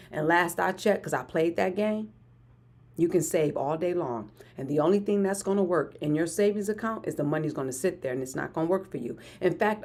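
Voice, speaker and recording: A woman in her forties hosting a hyped motivational live stream, energetic and repeating phrases for emphasis. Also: lowish voice. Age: 40s. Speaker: motivational livestream host.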